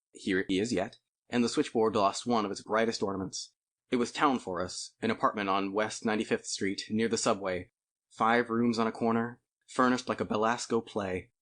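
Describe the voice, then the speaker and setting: Man, audiobook narration, low voice, conversational, first-person storytelling. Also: fairly bright tone. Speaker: audiobook reader.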